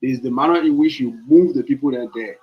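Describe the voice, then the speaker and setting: A man's voice: fast, muffled recording. A man, hosting a political opinion podcast and pressing his points with emphatic repetition. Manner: swings from low, calm reading to loud, high-pitched urging. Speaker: podcast host. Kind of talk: political opinion commentary on a live stream.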